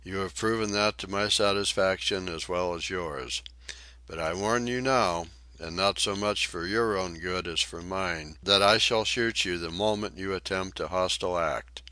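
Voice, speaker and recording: A man voicing a determined gentleman who answers with firm, measured retorts in a storybook reading. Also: low-pitched, no echo. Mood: stern. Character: determined gentleman, stern and defiant.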